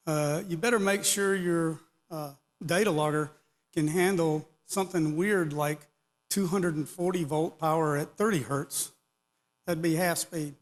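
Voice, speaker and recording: A middle-aged or older man giving a casual, rambling technical talk to an audience, with joking asides. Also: a little high. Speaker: conference speaker. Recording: long hall reverb.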